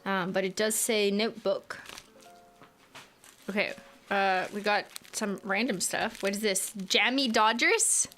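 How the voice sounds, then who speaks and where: A woman's voice: mid-range voice, measured pace, a bit bright, soft background music. A woman in her late twenties opening fan mail on a live stream in casual, chatty talk, swearing freely and laughing often. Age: late 20s.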